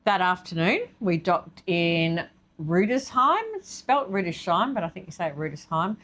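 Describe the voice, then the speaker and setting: Brief: enthusiastic middle-aged female co-host with a very low voice. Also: a little slow. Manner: warm, enthusiastic storytelling with fillers. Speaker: travel show co-host. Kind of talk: casual travel recap chat.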